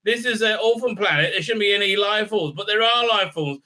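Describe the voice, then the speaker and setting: A man's voice: high voice, fairly quick, sharp tone, voice pushed up. A man mocking a flustered heroine. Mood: mock alarm. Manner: mocking, exaggerated alarm. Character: flustered woman time-travelling hero, preachy.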